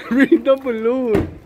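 A vlogger with an extremely high voice draws out his words as a crowd is heard behind him. Filming on his phone from his truck and an alley, he laughs often and teases his viewers.

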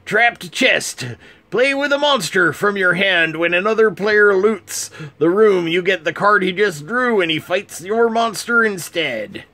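A man's voice: high voice, expressive, measured pace, bright, forceful tone, pitched above the performer's own voice, exaggerated voice. A man putting on an exaggerated pirate accent, reading game card text aloud. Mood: playful. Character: hammy adult male pirate reading aloud.

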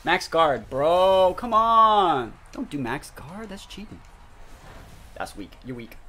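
Young male streamer, lively swooping voice, husky edge, game music under, excitable live commentary. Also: on the high side, measured pace. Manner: excitable, talks to chat, sudden loud outbursts. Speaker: gaming streamer. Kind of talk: live commentary over gameplay. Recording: faint music behind voice.

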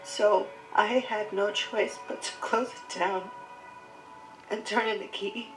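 An actress as a proud, grieving widowed young mother in a scripted web drama, earnest and heartfelt as she speaks. Her mid-pitched voice rings in a roomy space, and clear music plays underneath. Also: steady tone, slow, natural voice. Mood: sorrowful. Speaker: struggling mother.

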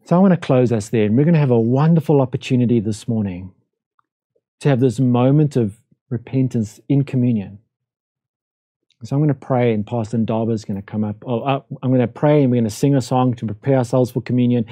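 A man's voice: mid-range voice, brisk, mellow, dry recording. A male pastor preaching a sermon in a conversational way, asking his listeners rhetorical questions. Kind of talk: livestreamed sermon. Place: church room, during lockdown.

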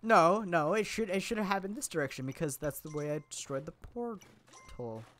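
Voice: medium pitch, animated, moderate pace, fairly bright tone. A gameplay commentator chatting casually and playfully to viewers, rambling, giggling often and joking about themself.

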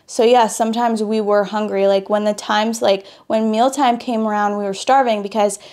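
A woman's voice: medium pitch, fairly even intonation, normal speed, darkish tone. A young woman from Wisconsin telling a personal story in a casual vlog while doing her makeup, full of "like" fillers and restarts. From Wisconsin, USA. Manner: chatty, lots of "like" fillers and restarts. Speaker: beauty vlogger.

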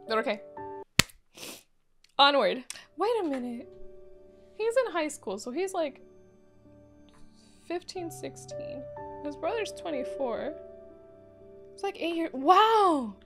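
A young woman reacting to an anime episode in casual commentary, emotional and exclamatory, thinking aloud with lots of "like". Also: very high voice.

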